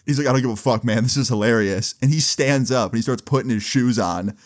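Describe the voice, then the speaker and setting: A young man casually telling a funny party story to his camera, slangy and animated, full of "like" and "dude". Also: medium pitch. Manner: animated, slangy, fast retelling with lots of "like" and "dude". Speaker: vlogger.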